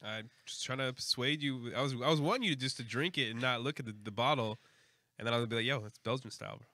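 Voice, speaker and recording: A man in the middle pitch range with a bright, forward tone, teasing his co-hosts in a relaxed way as they taste beers. His voice is recorded close and dry, with no room sound. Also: fast, dry recording. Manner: teasing, relaxed, steers the talk. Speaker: podcast co-host. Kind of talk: casual chat over beers.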